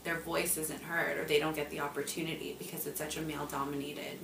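A woman's voice: low voice, level tone, quick pace. A woman interviewer asking hesitant, searching questions. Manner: hesitant questions with "um, you know". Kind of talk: conversational interview. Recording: echoey room, distant mic, noisy.

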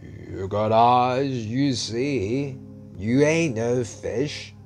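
A man voicing a weary old street beggar who answers in slow, clipped, grudging phrases. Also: medium pitch, darkish tone, soft background music. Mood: gruff.

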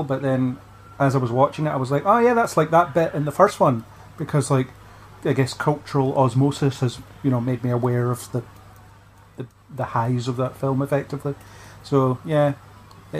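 A man's voice: medium pitch, a little fast. Rambling man, faint hiss behind. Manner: rambling, many fillers. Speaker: podcast host. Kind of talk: casual chat.

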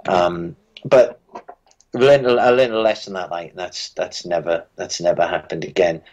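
British male musician guest, low voice, dry wry storyteller, casual. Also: fairly even intonation, normal speed, darkish tone, highs cut off. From Britain. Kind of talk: casual interview chat.

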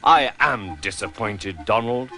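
A stern, pompous railway boss, voiced by a man reading the tale in close to his own voice. He speaks slowly and deliberately, rising and falling as he scolds. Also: fairly low pitch, animated, bright, forceful tone, faint music behind, full character voice. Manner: stern, measured.

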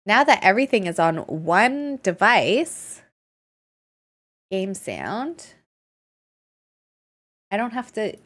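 A woman giving casual live gameplay commentary, chatty and giggly, talking to the characters on her screen. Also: mid-range voice. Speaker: streamer.

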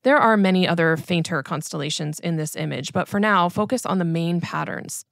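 Casting: female educator, lowish voice with vocal fry, calm scripted narration, dry close sound. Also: a little fast, no echo. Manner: calm, clear instructional delivery. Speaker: astronomy educator.

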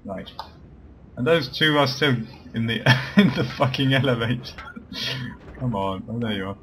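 A man's voice: medium pitch, animated, unhurried, fairly bright tone, a little hiss or hum. A man giving casual, joking commentary while playing a video game, chatting to his party members and swearing now and then. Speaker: let's play commentator.

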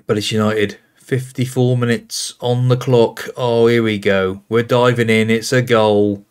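A man's voice: mid-range voice, level tone, measured pace, clean tone. A man hosting a football management game, calling out player names and reacting with exasperation as play unfolds. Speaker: gaming host. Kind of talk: casual game commentary.

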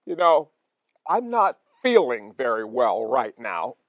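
A man's voice: mid-range voice, big pitch swings, slow, fairly bright tone, dry recording, dull audio. A man hosting a late-night movie show in a comedy sketch, sick with a cold and coughing. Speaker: horror movie host.

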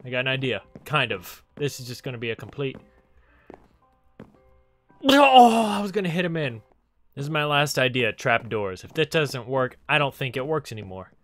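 A man's voice: mid-range voice, expressive, a little fast, bright, forceful tone, no echo, faint music behind. A young man hosting a casual Let's Play, talking to creatures in the game and reacting with sudden panicky outbursts. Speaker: gaming channel host.

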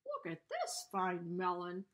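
A woman doing a slow, amazed big elephant. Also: fairly low pitch, huge pitch swings, a bit bright, voice pushed down, heavily acted. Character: big gullible male elephant.

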